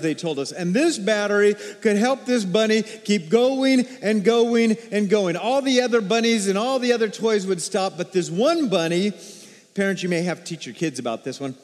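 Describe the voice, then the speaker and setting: High-voiced pastor preaching in a reverberant hall. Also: male voice. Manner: energetic, call-and-response with congregation. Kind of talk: sermon. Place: church sanctuary.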